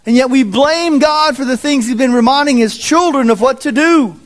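A man preaching a sermon as a pastor, in an animated, folksy manner. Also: very high-pitched, normal speed. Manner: animated, folksy, acts out quotes.

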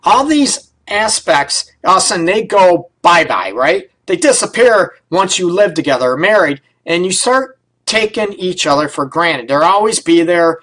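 A male counselor giving relationship advice on his radio show, in a loose, conversational way. His voice sits a touch higher than most men's. He keeps checking in with "right?" and "you know" and is not shy about a mild curse. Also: sing-song, moderate pace, hardly any pauses, fairly bright tone, rough recording. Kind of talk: casual radio advice talk.

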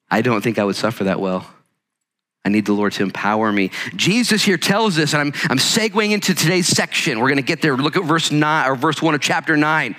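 Male pastor, sermon; bright tone, energetic conversational delivery, acts out quotes. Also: lowish voice, fast talker. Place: church sanctuary. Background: congregation present.

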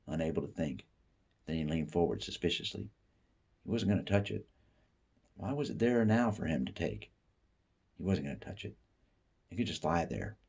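A man from the Appalachian United States reading a short story aloud, with expressive delivery that drops soft and low for inner thoughts. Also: slightly rough. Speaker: reader.

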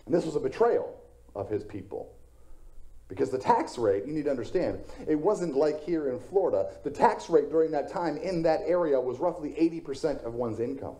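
A man's voice: a little high, lively intonation, normal speed, mellow. A male pastor preaching a sermon in a conversational storytelling way, slipping in self-deprecating jokes.

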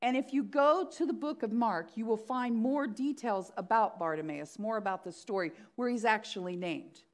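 Woman, pastor, sermon, middle-aged, animated storytelling, fairly high voice. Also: moderate pace.

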